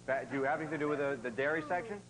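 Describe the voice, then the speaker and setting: Wisecracking male game-show host, high voice. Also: very fast, rough recording. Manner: wisecracking, teasing contestants. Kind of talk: quick comic game-show patter. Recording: loud show music underneath.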